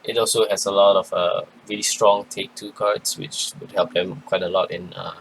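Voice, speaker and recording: A man giving a rambling, casual card game review, tired and yawning, with many pauses and restarts. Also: deep voice, little pitch movement, gravelly, slight background noise, low-quality recording. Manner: rambling, lots of ums and restarts. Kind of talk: casual commentary.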